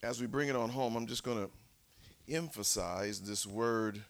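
A male preacher delivering a sermon, swinging from shouts to near whispers and calling out for responses from the congregation. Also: mid-range voice, moderate pace.

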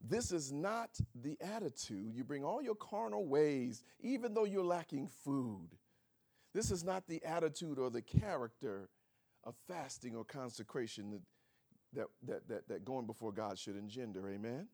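A man's voice: medium pitch, animated, normal speed. A man preaching a sermon, asking rhetorical questions, calling for amens and chuckling between points. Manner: swings from soft to shouting, rhetorical questions.

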